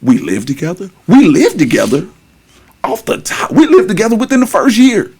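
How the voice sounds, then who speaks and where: A man's voice: high-pitched, huge pitch swings, normal speed, darkish tone, slightly rough. A man in his thirties hosting a podcast, talking emphatically and ribbing a friend in heated casual chat. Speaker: podcast host.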